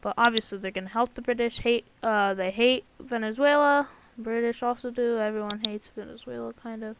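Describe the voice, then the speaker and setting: A woman's voice: fairly high pitch, steady tone, unhurried, a little hiss or hum, low-quality recording. A woman giving casual, rambling commentary over an alternate-history map, joking and full of fillers and sound effects. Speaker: channel host.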